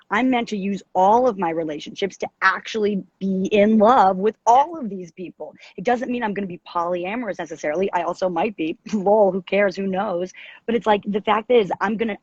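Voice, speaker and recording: A woman with a deep, raspy voice co-hosting an astrology podcast, talking in a rambling, animated way and often interrupting herself. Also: dry recording, dull audio. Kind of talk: casual spiritual chat. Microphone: video call.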